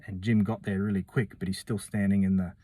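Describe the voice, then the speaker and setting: A man's voice: low voice, flat delivery, fairly quick, mellow, no echo. A man telling a rambling, casual story, swearing freely and acting out what other people said.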